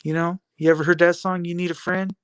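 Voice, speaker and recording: A man's voice: sits high, little pitch movement, fast, fairly bright tone, clean tone, no echo. Defiant man with a raised voice. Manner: taunting, rhetorical questions, repetitive. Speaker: video blogger. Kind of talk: defiant motivational monologue.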